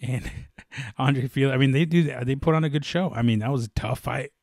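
A man hosts his own sports podcast in a loose, rambling way, full of "um" and "like" and restarting his sentences. His voice sits at an ordinary middle pitch. The recording is dry and close, with no room sound. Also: fairly quick, gravelly, darkish tone, dry recording. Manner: rambling, many fillers and self-corrections. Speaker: podcast host. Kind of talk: casual solo sports chat.

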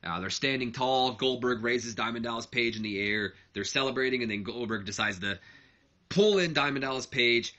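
A man's voice: mid-range voice, moderate pace, bright, forceful tone, dull audio. A man giving casual commentary on a wrestling management game, rambling and correcting himself as he goes. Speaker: let's play narrator.

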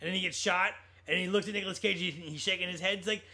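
Guy on a movie podcast, high bright voice, swings all over, snarky and swears a lot. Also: rapid-fire. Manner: animated, sarcastic, quotes movie lines; swears casually, lots of restarts. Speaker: podcast co-host. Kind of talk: casual film review chat.

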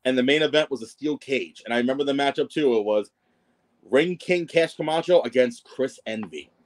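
A man speaking fairly quickly in a medium pitch tells a podcast about being a wrestling ring announcer. It's a casual storytelling interview, and he rambles, runs himself down, and fills it with restarts and fillers.

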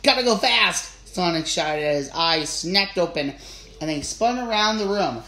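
A narrator giving a plain, steady storybook reading of an audiobook. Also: mid-range voice, moderate pace. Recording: roomy with faint ambience.

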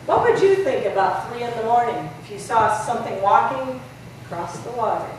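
Woman pastor, storytelling sermon, slightly high voice, heavy room echo. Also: fairly quick, slight background noise. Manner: storytelling, animated retelling with rhetorical questions. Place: large church sanctuary. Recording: roomy echo, voice from far off.

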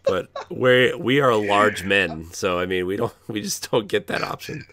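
A hoarse man co-hosting a gaming podcast, joking and self-deprecating. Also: on the low side, a little slow, a bit bright. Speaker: podcast co-host. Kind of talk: casual chat.

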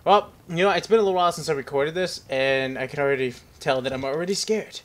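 A man's voice: a little high, fast. A young man giving casual, rambling commentary on a horror game into a headset, nervous and joking as he talks to the characters on screen. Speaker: gaming commentator.

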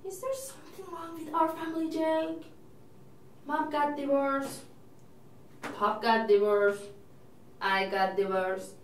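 Actress as a fretful, self-absorbed divorced sister; fairly high voice, faint room noise, distant mic. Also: female voice, slow pace, pauses often, roomy sound. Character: chatty divorced older sister, neurotic and doting. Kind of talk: audition monologue.

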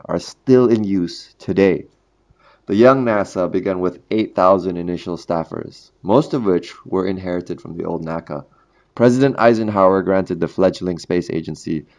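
A man's voice: deep voice, a little mellow. A man hosting a history podcast in a casual monologue, jokey and chatty, laughing at his own puns. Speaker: podcast host.

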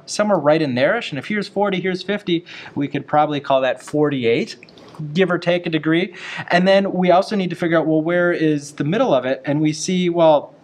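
A man teaching a map skills lesson in a chatty, folksy way, full of asides. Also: on the high side.

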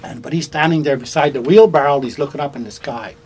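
A man's voice: medium pitch, quick pace, a little mellow, breathy edge, low-quality recording. An older man from Canada telling a personal story in a folksy, conversational way, with fillers and restarts. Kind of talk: oral storytelling to a small audience. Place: indoors in a bookstore.

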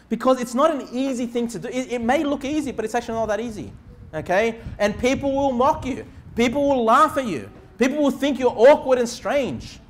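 A young male pastor preaching with a strikingly high voice for a man. He speaks earnestly to his congregation and keeps asking "okay?" to make sure they follow. His voice stays notably high from one sentence to the next. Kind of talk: sermon.

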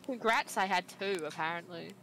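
A woman's voice: on the low side, moderate pace, a bit bright. A woman streamer chatting casually during a gaming stream, swearing a lot and laughing often. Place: home streaming setup. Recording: noisy home stream mic.

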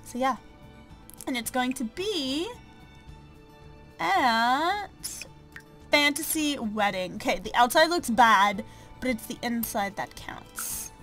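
Chatty higher-voiced woman narrating gameplay. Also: expressive, takes it slowly, long pauses, pushed and bright, soft background music. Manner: chatty and self-deprecating, with many fillers and giggles. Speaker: gameplay commentator. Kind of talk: casual let's-play commentary.

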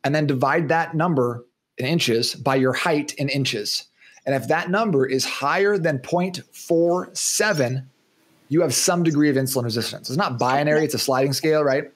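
A man in his thirties, a fitness and nutrition guest on a podcast interview, explaining things in an animated way and acting out the voices he quotes. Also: fairly high pitch, moderate pace.

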